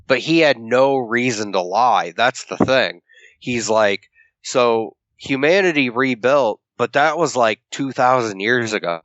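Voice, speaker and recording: Expressive and unhurried, this man's mid-range, fairly bright voice comes through as dull lo-fi podcast audio without echo. Co-hosting, he walks through a comic book's plot at length, voicing the characters and cursing freely along the way.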